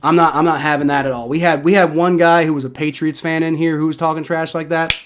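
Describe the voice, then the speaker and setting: This is a young male livestream host reacting to football, his voice fairly high-pitched and flat in pitch, his delivery fast. He launches into a heated, profane rant, often restarting and repeating himself.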